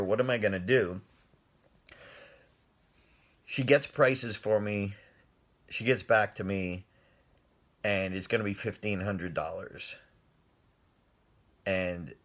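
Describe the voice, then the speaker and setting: A middle-aged man telling a personal story on a live stream in a casual, animated way, often laughing and answering viewers' comments. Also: lowish voice.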